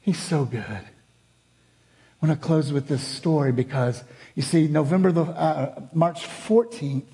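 Earnest higher-voiced male pastor preaching. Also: slow. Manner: earnest storytelling, swinging from fervent to hushed. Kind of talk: sermon.

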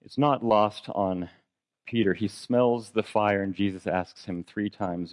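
A man's voice: lowish voice, fairly even intonation, a little slow, no echo. A man preaching a sermon in a conversational way, posing rhetorical questions and retelling a story dramatically. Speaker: pastor.

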